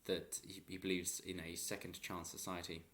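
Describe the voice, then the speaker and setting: A man's voice: deep voice, level tone, normal speed, fairly bright tone. A man giving rambling, opinionated political commentary in a vlog and chuckling often.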